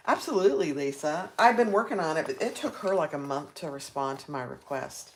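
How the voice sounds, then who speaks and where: A woman's voice: low-pitched, a little hiss or hum. A woman hosting a live sewing tutorial, chatting with viewers and reacting aloud as she works. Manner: chatty, reacts aloud while working, reads viewer comments. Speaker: sewing livestream host.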